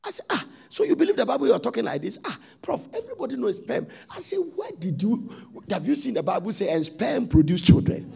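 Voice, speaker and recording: A man preaching a sermon, telling stories and rising into sudden loud sung-out phrases. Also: high voice, big pitch swings, fast talker, creaky, husky.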